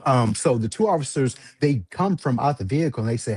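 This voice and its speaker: A man hosting a livestream, casually telling a long story, animated, laughing often and jumping to high voices when quoting people. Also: a little fast, husky.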